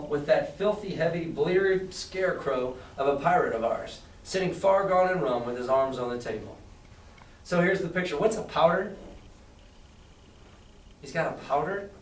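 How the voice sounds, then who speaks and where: A high-voiced male teacher reads a novel aloud and talks it over casually with his class. He quizzes them as he goes. The voice sounds echoey and distant from the microphone. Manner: casual, chatty, asks the class questions. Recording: echoey room, far from mic.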